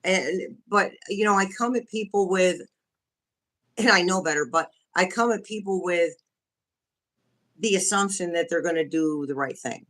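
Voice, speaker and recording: A woman's voice: lowish voice, moderate pace, a bit bright. A woman joining a casual livestream chat by video call, speaking frankly and openly with frequent restarts. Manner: candid, frank, restarts often. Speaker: guest.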